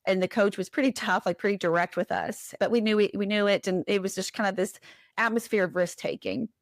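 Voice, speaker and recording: A woman guest on a podcast, telling a personal story in an animated, conversational way. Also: medium pitch, fairly quick, dry recording, studio quality. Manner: animated, acts out quoted voices.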